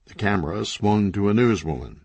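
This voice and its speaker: A man reading a crime comedy audiobook in scripted narration with an animated, dry comic delivery. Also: fairly low pitch, normal speed, breathy edge, no echo.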